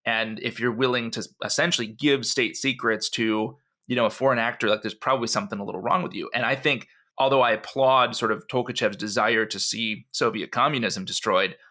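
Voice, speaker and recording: A man's voice: mid-range voice, steady tone, brisk, few pauses, bright, forceful tone. A man co-hosting a podcast, telling a history story in a rambling, conversational way with many asides. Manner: rambling storyteller, frequent "you know" and restarts. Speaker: podcast co-host.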